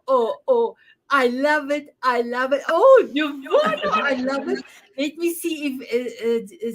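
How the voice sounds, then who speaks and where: A woman hosting an online summit over a video call, gushing and effusive with her guests. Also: sits high. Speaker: summit host.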